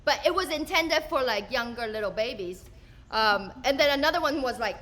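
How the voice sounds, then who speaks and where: A woman's voice: fairly high pitch, animated, normal speed, sharp tone, a little hiss or hum. A woman doing a stand-up comedy set, chatty and self-mocking, who acts out other people's lines as she talks. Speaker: stand-up comedian and show producer.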